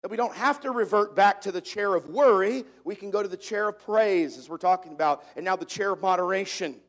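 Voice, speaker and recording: A man preaching a sermon as pastor, emphatic, slowing down to stress the verses he quotes and drifting on and off the microphone. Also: high-pitched.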